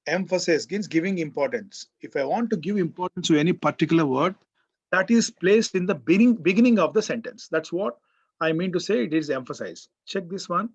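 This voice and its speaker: A man's voice: high-pitched, expressive, brisk, breathy edge. A man with an Indian English accent giving a college grammar lecture, repeating key words and quizzing the class. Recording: dull, muffled lo-fi sound.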